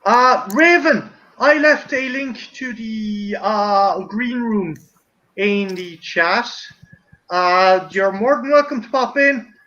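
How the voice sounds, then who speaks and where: Man, stream host, very high bright voice, loud, laughs often, swears a lot. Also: slow, dull audio. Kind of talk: casual chat on a watch stream.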